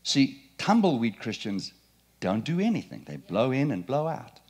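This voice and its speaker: A middle-aged man preaching a sermon in a church, playful and animated, quizzing the congregation. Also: medium pitch, moderate pace, husky. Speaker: pastor. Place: church sanctuary.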